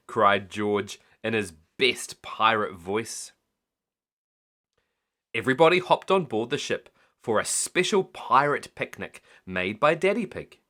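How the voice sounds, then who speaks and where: A man reading a bedtime story aloud in an expressive, animated way. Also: on the low side, unhurried. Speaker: storyteller dad.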